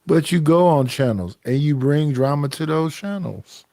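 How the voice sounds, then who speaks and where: A man's voice: a little high, lively intonation, moderate pace, few pauses, warm tone. A man chiming in on a live stream with sarcastic commentary.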